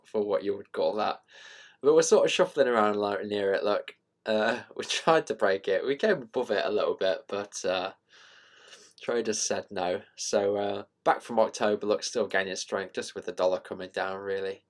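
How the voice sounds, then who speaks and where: A man casually thinking out loud about currency charts as a channel host, rambling and self-deprecating with many fillers. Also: fairly low pitch, normal speed. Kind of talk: casual screen-share market commentary.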